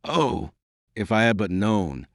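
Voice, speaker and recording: In a slow, very animated reading with a lowish pitch, a man voices a desperate, devoted young woman who pleads through tears in an audiobook. His delivery is emotional and pleading. The recording is clean studio sound with no room sound.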